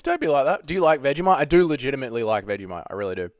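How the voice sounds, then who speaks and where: A man's voice: medium pitch, big pitch swings, very fast, few pauses, dry recording, studio quality. Jokey man hosting a livestream Q&A. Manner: jokey, reads chat questions aloud and riffs on them. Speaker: livestream host answering chat. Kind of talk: casual livestream Q&A. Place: at home.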